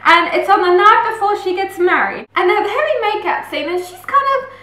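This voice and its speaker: Bright-voiced woman gushing about books. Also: very high-pitched, lively intonation, fairly quick. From Australia. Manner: chatty and gushing, acts out scenes. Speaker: book reviewer. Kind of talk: casual book review chat. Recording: roomy echoey room.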